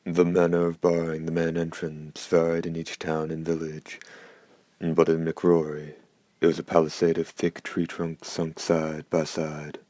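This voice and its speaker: A man reading an audiobook in steady, unhurried scripted narration. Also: very deep voice, no room sound.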